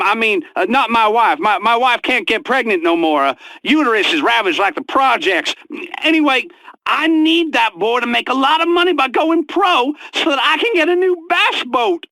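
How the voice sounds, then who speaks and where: A man's voice: extremely high pitch, sharp tone, no room sound, heavily acted. A man voicing a timid, dim-witted redneck father who calls a radio show, stammering and hesitant. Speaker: radio caller. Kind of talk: scripted radio comedy acting.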